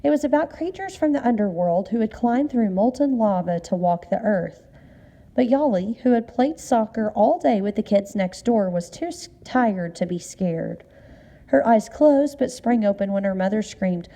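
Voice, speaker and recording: A woman calmly narrating a short story. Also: medium pitch, moderate pace, vocal fry. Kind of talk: storybook reading.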